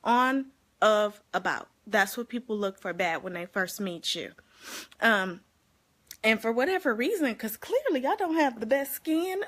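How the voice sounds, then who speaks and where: A woman vlogging casually to her viewers, giving life advice in an animated, chatty way and laughing often. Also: on the high side. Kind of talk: casual talk to camera.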